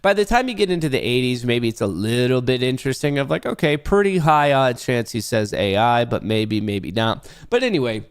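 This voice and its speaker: A man hosting a casual livestream, talking to his chat in an excitable, rambling way and swearing freely. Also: mid-range voice, fairly quick, hardly any pauses, clean tone. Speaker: livestream host.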